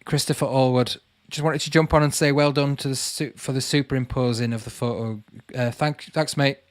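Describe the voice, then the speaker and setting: He speaks a little fast in a steady, medium-pitched voice with no echo. As host of a casual livestream, he answers live chat, reading viewers' comments aloud, chatting back, and calling them "mate."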